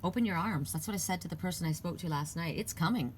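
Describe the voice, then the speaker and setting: A woman's voice: fairly low pitch, quick pace, background noise. A woman giving a casual spiritual card reading, rambling and reassuring, with asides and restarts. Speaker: oracle card reader.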